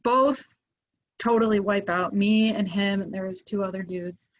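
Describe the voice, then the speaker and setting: A woman in the middle of a casual storytelling, filling her sentences with "like" and getting animated when the story peaks. Her pitch sits in the middle of the range. The sound is a little dull, as if from a basic podcast mic. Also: normal speed. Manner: animated, lots of "like" fillers, rises when excited. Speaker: podcast guest.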